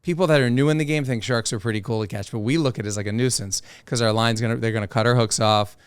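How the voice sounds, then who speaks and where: A man's voice: medium pitch, fast talker, clean tone, no room sound. A man, a professional angler, casually telling stories from the sea as a podcast guest, acting out the people he quotes. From South Florida. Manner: animated storyteller who acts out quoted voices. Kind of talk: casual storytelling.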